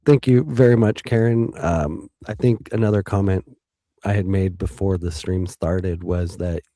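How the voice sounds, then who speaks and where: A man with a low, mellow voice talks thoughtfully as an interview guest. He pauses often and restarts his sentences. The sound is dry and close. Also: steady tone, no echo. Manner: reflective, hesitant, many ums and restarts. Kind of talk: casual interview talk.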